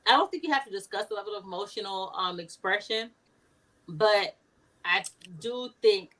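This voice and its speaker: A woman co-hosting a casual podcast discussion, playful and quick to laugh, speaking her mind. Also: mid-range voice, fairly bright tone, rough recording. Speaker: podcast co-host.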